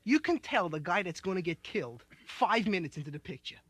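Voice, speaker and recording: High-voiced, rambling young stand-up comic. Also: male voice, sing-song, brisk, fairly bright tone, husky, no room sound. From United States. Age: 20s. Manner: loose, rambling hipster slang, laughing as he talks. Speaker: stand-up comedian. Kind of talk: live stand-up comedy.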